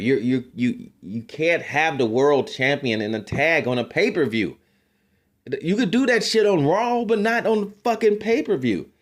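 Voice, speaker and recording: A man co-hosting a wrestling podcast, ranting in casual, profane commentary, his voice jumping up when exasperated. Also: fairly high pitch.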